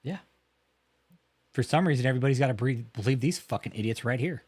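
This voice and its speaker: A man rants over clips on his livestream, swearing and mocking the speaker he is reacting to. His pitch swings widely from low to high. The sound is dry and close. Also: quick pace, breathy edge, dry recording. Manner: mocking, profane, lively. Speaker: livestream host. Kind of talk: profane commentary over video clips.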